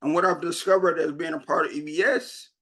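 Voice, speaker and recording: A man's voice: a little high, steady tone, a little fast, bright, forceful tone. A young man giving a motivational keynote, telling his story and acting out the dialogue. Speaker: keynote speaker.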